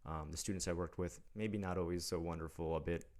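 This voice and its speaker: A man with a very low voice tells a story casually. He sounds blunt and exasperated, with a mocking edge. He is in his thirties. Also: steady tone, fast, darkish tone. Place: living in Japan.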